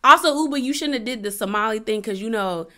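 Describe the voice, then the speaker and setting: A woman vlogger giving casual, blunt and opinionated commentary on a reality TV episode, talking in an animated, slangy way. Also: a little high, quick pace.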